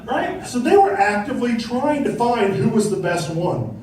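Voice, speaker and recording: A middle-aged man works through a stand-up set in a comedy club, tagging his punchlines with a quick "right?". His voice sits high and leaps around in pitch. The sound is strongly echoey and picked up from a distance, with faint noise underneath. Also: big pitch swings, a little mellow. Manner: tag question "right?" after punchlines, acted-out quotes. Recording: echoey club, mic from afar, faint crowd.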